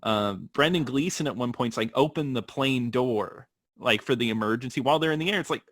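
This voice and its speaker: A man co-hosting a film podcast in casual chat, laughing often and talking in an animated way. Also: mid-range voice, fast talker, no echo, studio quality. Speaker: podcast co-host.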